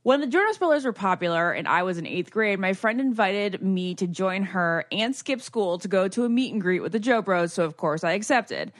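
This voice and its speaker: A woman co-hosting a podcast, chatting casually and reading listener emails aloud in an animated way. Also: medium pitch, normal speed, hardly any pauses, no room sound, clean studio sound. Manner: lively, reads stories aloud with animation. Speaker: podcast co-host.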